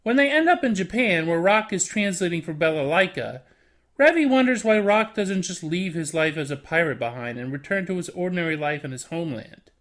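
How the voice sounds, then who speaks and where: Anime review host narrating from a script, lively up and down voice. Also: mid-range voice, a little fast.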